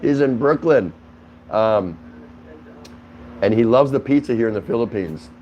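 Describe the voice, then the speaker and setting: A man's voice: medium pitch, animated, a little slow, darkish tone, dull audio, slight background noise. A man hosting a casual livestream from his home, chatting with viewers, greeting them by name and laughing often. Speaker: livestream host.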